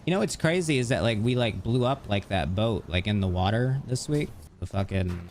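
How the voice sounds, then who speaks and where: A man's voice: on the low side, animated, fairly quick, a little mellow, slight background noise. A man live streaming in casual chat, rambling and stringing thoughts together with constant fillers. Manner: rambling, heavy use of "like" fillers. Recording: music playing underneath.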